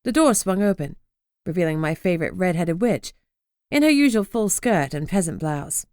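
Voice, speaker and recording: A woman's voice: fairly low pitch, lively intonation, normal speed, darkish tone, smooth, dry recording, clean studio sound. A woman narrating a first-person urban fantasy audiobook in a wry, sardonic way.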